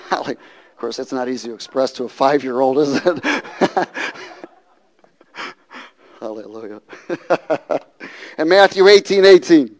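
A man preaching a sermon who moves from hushed storytelling to loud, fervent bursts and repeats phrases for emphasis. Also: mid-range voice, lively intonation, slow pace, pauses often. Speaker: pastor.

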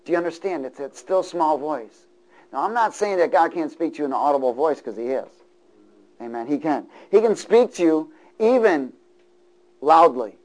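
Middle-aged male preacher, slightly high voice; big volume swings from fervent to hushed. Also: a little fast, rough recording. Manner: swings from loud preaching to hushed, near-whispered lines. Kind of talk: sermon.

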